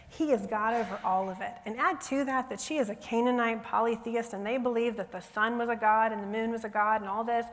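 Woman giving a casual bible talk, chatty with lots of ums, long hall reverb. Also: fairly high pitch. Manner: conversational, with fillers and personal stories. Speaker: Bible teacher.

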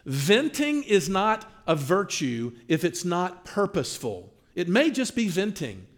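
A pastor teaching a marriage class and taking questions, animated, acting out little bits of dialogue. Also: male voice, high voice, measured pace. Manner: animated, acts out quoted dialogue.

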